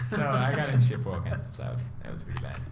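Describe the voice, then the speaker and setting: A man's voice: mid-range voice, huge pitch swings, brisk. Joking young man in an echoey room. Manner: laughs often, joking and blunt. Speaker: co-host in casual chat. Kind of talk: casual chat. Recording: echoey room with clear background noise.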